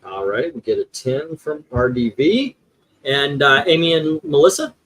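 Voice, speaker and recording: Man, host, casual chat, fairly high voice, rambling with fillers. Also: expressive, unhurried, fairly bright tone, poor audio. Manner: rambling, many fillers and restarts.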